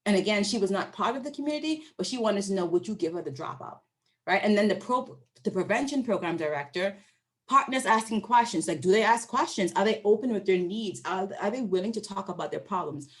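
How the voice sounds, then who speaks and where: Animated woman presenting research findings. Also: mid-range voice, a little fast. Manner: lively and conversational, asks the audience questions and often checks in with "right?"; acts out her interviewees' voices when quoting them. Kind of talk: academic presentation to an online audience.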